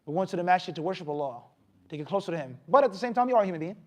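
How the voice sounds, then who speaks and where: Animated man giving a mosque talk. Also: high-pitched, very fast. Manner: animated, asks the audience questions, acts out scolding. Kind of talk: mosque lecture.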